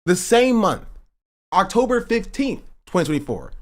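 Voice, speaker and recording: A man talking on a casual livestream, pressing his points hard and circling back to them again and again. His pitch swings widely from low to high as he leans into each claim. He swears freely and sounds loose and unscripted. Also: very animated, normal speed. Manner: emphatic, repeats his points. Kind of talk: casual livestream political commentary.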